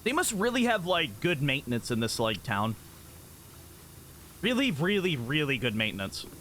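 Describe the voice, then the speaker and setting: A man talks his way through a game on a live stream, wandering from thought to thought with lots of filler words. His voice sits high and swings all over the place, bright in tone. Faint music plays underneath. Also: normal speed, a little hiss or hum. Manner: rambling, giggly, easily excited, many "like" fillers. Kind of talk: casual live-stream chat while gaming.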